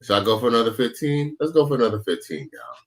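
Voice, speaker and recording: A man's voice: mid-range voice, big pitch swings, fast. A man hosting a reaction video, talking in a laid-back, slangy way. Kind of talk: casual reaction commentary.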